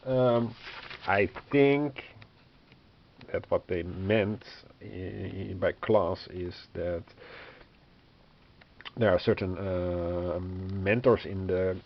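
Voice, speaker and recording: A man's voice: low-pitched, extremely slow, gravelly, long pauses. A man losing his voice who coughs often, thinking aloud as he reads through a rulebook, hesitant and full of fillers, wryly exasperated. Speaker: board game reviewer. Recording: dull lo-fi sound with faint noise.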